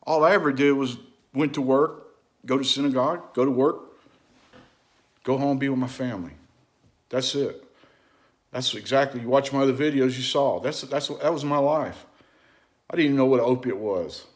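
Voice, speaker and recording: A man hosting his own video channel, talking straight to the viewer in an impassioned, repetitive way. He swings between loud urging and low, confiding asides, and keeps asking rhetorical questions. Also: moderate pace, pauses often. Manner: preachy, asks the listener rhetorical questions. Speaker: vlog host. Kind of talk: impassioned direct-to-camera monologue.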